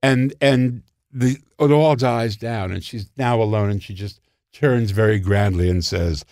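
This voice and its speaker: A man telling show-business stories in casual conversation, animated and theatrical, acting out quotes. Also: fairly low pitch, a little slow, dry recording, clean studio sound. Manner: animated, theatrical storyteller who acts out quotes. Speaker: guest storyteller.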